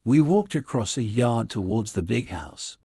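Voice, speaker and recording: A man reading a classic story aloud as scripted narration for English learners, in a clear, even way. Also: medium pitch, measured pace.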